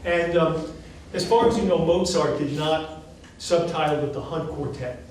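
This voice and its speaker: A male music professor teaching a class, asking students questions in an animated, encouraging way. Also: on the high side, moderate pace. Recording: echoey classroom from far off, faint hiss.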